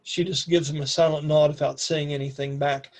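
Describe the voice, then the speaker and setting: Man, game master, casual tabletop narration, fairly high voice. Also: level tone, fairly quick, darkish tone. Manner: casual, with fillers.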